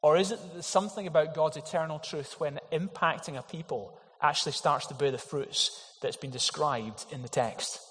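A man's voice: on the high side, moderate pace, few pauses, a bit bright. Earnest preaching man in echoing hall. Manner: earnest, emphatic preaching with rhetorical questions. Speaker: pastor. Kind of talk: sermon. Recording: long hall reverb.

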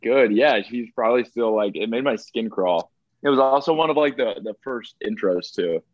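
A man's voice: medium pitch, normal speed, no room sound, lo-fi sound. A young man in casual chat, laid-back, swearing and laughing often. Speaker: podcast co-host.

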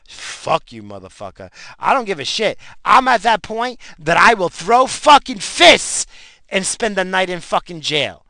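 A man in a profane comic rant, his voice gravelly and fry-laden with a bright, sharp edge. His pitch swings wildly as he swears at everyone in his way. The sound is close and dry. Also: measured pace, no echo. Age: adult with a job and in-laws. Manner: angry, swearing constantly, animated outbursts. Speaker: vlogger ranting to camera.

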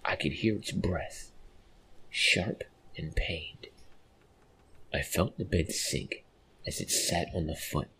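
Deep, gravelly male horror narrator. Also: a little hiss or hum. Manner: slow, hushed, dramatic storytelling. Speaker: podcast narrator.

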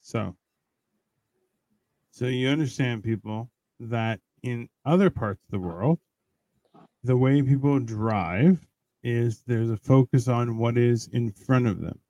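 A man's voice: medium pitch, takes it slowly, no room sound. A podcast host, a man, chatting casually and acting out quoted exchanges, swearing freely. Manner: animated storyteller, acts out quotes, swears freely.

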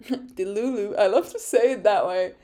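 A young woman whose first language is French, hosting a casual solo chat, excitable and laughing often as she rambles. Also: mid-range voice, fairly quick. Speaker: podcast host.

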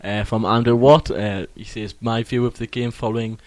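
A man co-hosting a casual fan podcast, relaxed as he reads out messages. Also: mid-range voice, moderate pace, no echo. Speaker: podcast co-host.

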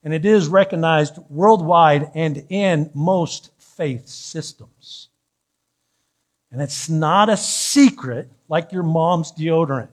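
A man preaching a sermon from the pulpit of a church, his voice sitting fairly high. He teases and jokes with the congregation, then presses his points with growing fervor. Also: takes it slowly. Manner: joking, teasing the congregation, rising to fervent. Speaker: pastor.

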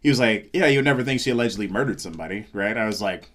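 Animated male comedian telling a story. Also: fairly low pitch, very fast. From Seattle, USA. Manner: animated, acts out quoted lines. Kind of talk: casual storytelling.

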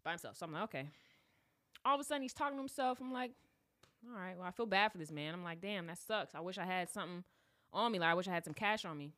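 A woman's voice: lowish voice, quick pace. A woman hosting a podcast, telling a story in a casual, slangy way and acting out voices as she goes. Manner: animated, slangy, acts out voices. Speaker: podcast host.

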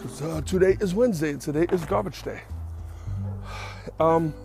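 A man's voice: a little high, moderate pace, vocal fry, a little mellow, soft background music. A man hosting his own podcast in casual solo chat, rambling and correcting himself, a little out of breath. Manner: rambling, self-correcting, chatty. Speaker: podcast host.

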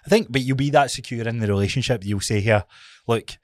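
A man co-hosting a casual fitness podcast, talking at a mid pitch in a dry, close room. He is chatty and laughs easily, and he acts out the people in his stories with little quoted voices. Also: quick pace, no echo. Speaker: podcast co-host.

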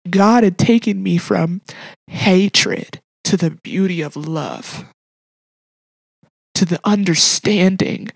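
A woman's voice: mid-range voice, a little mellow, no echo. A young adult woman hosting a podcast, telling an emotional personal faith story in an earnest, heartfelt way. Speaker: podcast host. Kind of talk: personal testimony.

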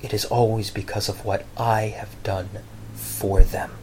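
A man voicing Jesus as a calm, kind grown man who speaks softly. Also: measured pace, slight background noise, lightly acted, rough recording. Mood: gentle. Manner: soft, low and gentle.

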